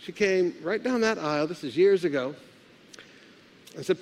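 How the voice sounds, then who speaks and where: A man's voice: high voice, expressive, normal speed, long pauses. A male pastor preaching a sermon, leading the congregation in call-and-response. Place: church sanctuary. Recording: live with long hall reverb.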